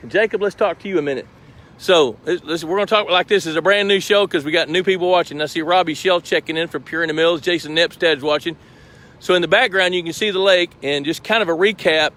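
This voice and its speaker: A man's voice: a little high, fairly bright tone. A man hosting a live stream outdoors by a lake, chatty and explanatory as he walks around with his phone camera. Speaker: host. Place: outdoors by a lake at a fish truck. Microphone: handheld phone camera.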